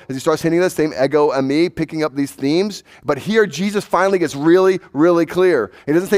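A male pastor preaching a sermon emphatically, swinging between raised urgency and hushed, low intensity, and repeating words for emphasis. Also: a little fast, hardly any pauses.

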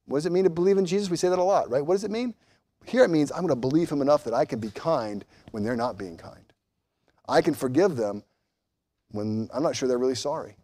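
A man's voice: medium pitch, warm tone. Man preaching with rising fervor. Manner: impassioned, rising and falling emphasis, repeats words; addresses children directly at times. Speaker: pastor. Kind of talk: sermon.

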